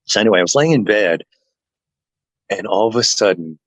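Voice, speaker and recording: Earnest man with a low voice. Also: a little fast, no room sound, low-quality recording. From family heritage is Norwegian. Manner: earnest, animated retelling that acts out other people's lines. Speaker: interview guest. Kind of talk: personal storytelling in a casual chat.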